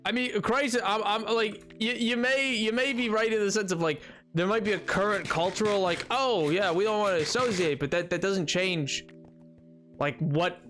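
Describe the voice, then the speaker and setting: A man streaming a game, chatting casually with viewers in a rambling, playful way and laughing often. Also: a little high. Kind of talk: casual live-stream chat while gaming.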